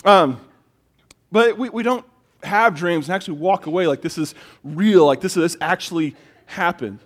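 A middle-aged man preaching a sermon as pastor, telling stories in an animated way and often repeating words as he gets excited. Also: high voice, normal speed.

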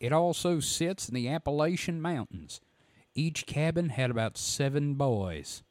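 A folksy Southern storyteller, as a hoarse man puts him on, draws out his account with a drawl and a lively rise and fall in pitch. His roughened throat gives every line a scratchy edge. The delivery is dry and close, with no room around it. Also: unhurried, dry recording. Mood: storytelling. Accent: American Southern. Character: Southern-drawling male storyteller recalling camp.

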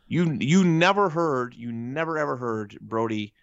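A man's voice: mid-range voice, lively intonation, measured pace, fairly bright tone, no room sound. A man in casual chat as a podcast co-host, talking emphatically and firing off rhetorical questions. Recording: dull lo-fi recording.

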